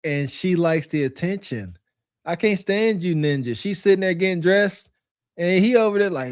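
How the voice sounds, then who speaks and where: Male podcast co-host, high and animated, mocking, dry close sound. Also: moderate pace, no room sound. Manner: animated, acts out mocking quotes in character. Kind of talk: mocking commentary.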